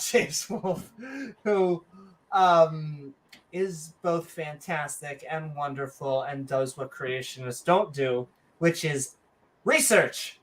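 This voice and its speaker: A woman's voice: sits low, takes it slowly. A woman co-hosting a casual livestream chat, joking and sarcastic, with mock-announcer asides. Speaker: podcast co-host.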